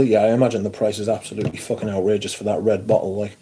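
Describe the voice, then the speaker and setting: A man's voice: on the low side, little pitch movement, racing, warm tone, a little hiss or hum. A man hosting a livestream, chatting casually in a sweary, rambling way. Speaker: fragrance livestream host.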